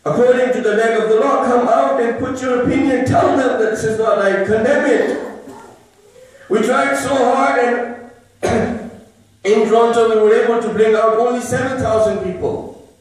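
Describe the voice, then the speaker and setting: High-pitched man preaching in an echoey hall. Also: normal speed, pauses often. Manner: emphatic, repeats phrases and asks rhetorical questions. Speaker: religious speaker. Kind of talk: lecture to a live gathering. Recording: very echoey room, voice from far off. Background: listeners murmuring responses.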